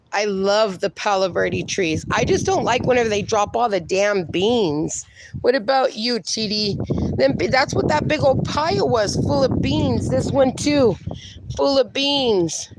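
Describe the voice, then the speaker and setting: A man's voice: high-pitched, gravelly. A middle-aged man livestreaming from his backyard at night, chatting affectionately and reading viewer comments aloud, with dogs around.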